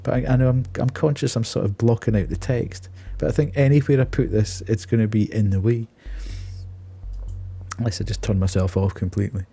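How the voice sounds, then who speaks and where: A man's voice: fairly low pitch, fairly even intonation, brisk, vocal fry, dark tone, slightly rough. A Scottish man streaming a game live, chatty and self-deprecating, laughing often. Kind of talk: live game playthrough, reading dialogue.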